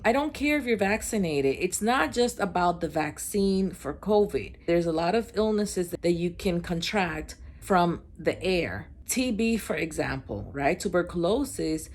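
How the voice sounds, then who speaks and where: Exasperated woman telling a storytime. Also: lowish voice. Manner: animated, exasperated ranting. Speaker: vlogger. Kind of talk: storytime vlog.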